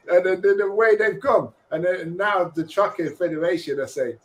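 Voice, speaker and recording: Animated man, slightly high voice. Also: moderate pace, hardly any pauses, rough recording. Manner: animated, jokey, slips into quoted voices. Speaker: podcast co-host. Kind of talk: casual podcast discussion.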